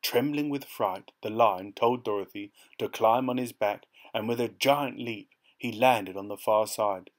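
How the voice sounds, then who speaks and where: A man reading a children's story aloud with expressive storytelling. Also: fairly low pitch, measured pace, few pauses. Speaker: storybook reader.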